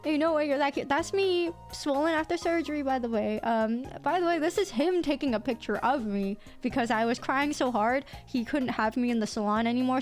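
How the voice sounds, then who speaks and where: A young woman streamer telling stories in casual chat, animated, laughing often and swearing casually. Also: sits high.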